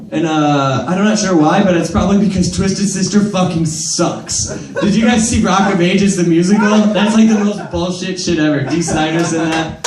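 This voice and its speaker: A man's voice: on the high side, reverberant, far from the mic, noisy background. A young man doing stand-up in a comedy club, telling a rambling, profane story full of fillers.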